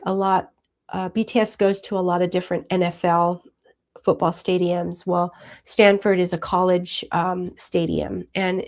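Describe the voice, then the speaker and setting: Slow-talking woman hosting a fan livestream. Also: mid-range voice. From Hawaii. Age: 60s. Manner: chatty, with frequent fillers and soft laughs. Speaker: livestream host. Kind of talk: casual live chat reading viewer comments.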